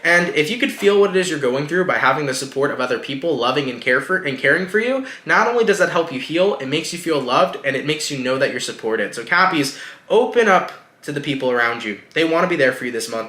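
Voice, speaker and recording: A man's voice: medium pitch, bright, forceful tone, roomy sound. A man giving a casual tarot reading, speaking reassuringly and straight to the viewer. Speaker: tarot reader.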